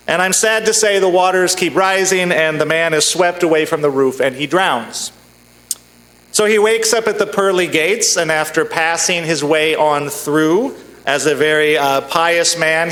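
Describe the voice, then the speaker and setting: A man giving a sermon in a church sanctuary, telling a joke in a measured storytelling way. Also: fairly high pitch, a bit bright, poor audio. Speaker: minister.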